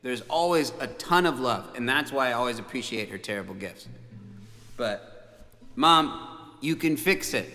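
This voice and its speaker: A man's voice: mid-range voice, animated, a little slow, sharp tone, soft background music. A man, a musician hosting his own livestream, telling a family story in a rambling, chuckling way with plenty of fillers and restarts. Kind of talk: casual storytelling chat. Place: room called the bunker. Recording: long reverb.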